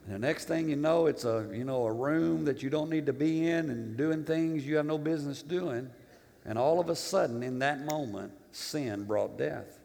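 A man's voice: fairly high pitch, normal speed, vocal fry, darkish tone. A male pastor preaching a conversational sermon, restarting phrases and asking the congregation rhetorical questions. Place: church. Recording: long reverb of a church hall.

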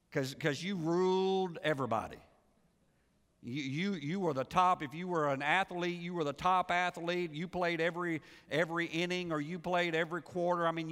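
Male pastor, fairly high voice, talky sermon full of restarts and questions. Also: a bit bright, smooth, long reverb tail. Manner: conversational preaching with frequent restarts and rhetorical questions.

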